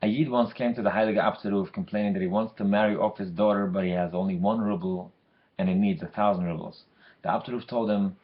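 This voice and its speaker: A man telling a story for a weekly Torah lesson in a lively way, acting out the characters. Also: lowish voice, fast talker, lo-fi sound.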